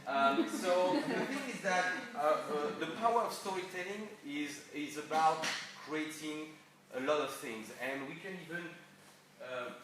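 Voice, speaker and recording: A man from France with a French accent and French as his first language, giving a live talk in halting English full of restarts and fillers. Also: fairly high pitch. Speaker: guest speaker. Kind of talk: live presentation. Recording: echoey room, far mic, noise.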